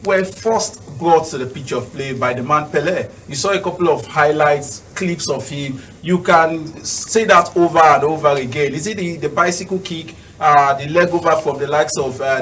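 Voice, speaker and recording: A man's voice: on the high side, a bit bright. A man speaking as a football pundit, hesitant and prone to repeating his words. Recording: distant mic with faint noise.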